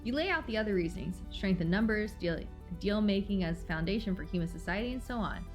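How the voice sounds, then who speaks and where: A woman streaming a game live, reading its story aloud and reacting in an expressive, dramatic way, from loud outbursts to low mumbles. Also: fast talker, faint music behind.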